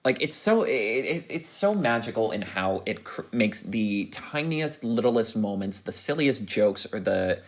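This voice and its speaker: A man's voice: lowish voice, measured pace, hardly any pauses. A man hosting a podcast, giving an enthusiastic, rambling spoken film review full of restarts and fillers. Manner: animated, rising to excited peaks.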